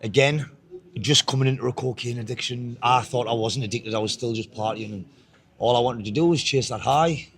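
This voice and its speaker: A man's voice: medium pitch, a little fast. A man with a Northeast English accent telling his life story in casual chat, blunt, swearing a lot and often repeating himself. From Northeast England. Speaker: guest.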